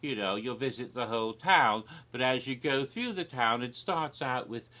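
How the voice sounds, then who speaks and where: A man joking his way through a rambling, deadpan comedic monologue, with frequent restarts. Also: mid-range voice, moderate pace. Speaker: video creator. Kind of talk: comedic monologue of made-up haunted houses.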